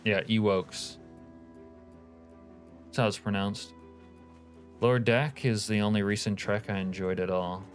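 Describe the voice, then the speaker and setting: A man's voice: fairly low pitch, fairly even intonation, normal speed, faint music behind. A man live-streaming a game, chatting casually, reading viewer comments aloud and swearing offhand. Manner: laid-back, profane, reads chat aloud.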